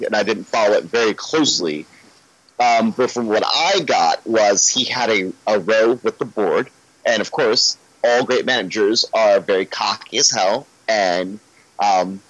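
A man's voice: on the low side, fairly bright tone, dry recording, low-quality recording. A man speaking as a guest on a football podcast, talking in a casual, ranty way and swearing when he gets worked up.

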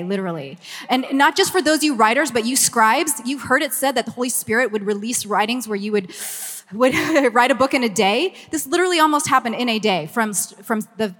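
A fifty-something woman with a Valley Girl accent from Southern California speaks to a church meeting, bubbly and chatty, full of "like". Her voice sits fairly high for a woman. It rings out with the long reverb of a hall. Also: fairly bright tone. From Los Angeles, USA. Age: 50s. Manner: bubbly, effusive, chatty with frequent "like". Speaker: ministry communications director. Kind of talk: church meeting talk and prayer.

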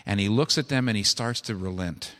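A man preaching a sermon, earnest and pleading, who swings from quiet storytelling to urgent, climbing exhortation. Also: lowish voice, brisk, big-room sound.

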